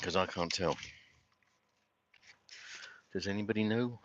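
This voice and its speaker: Here a man from London, with the accent to match, chats loosely with his livestream audience while he does chores, wandering off topic and posing questions to them. The sound is lo-fi, and his voice is fairly low, unhurried and a bit bright.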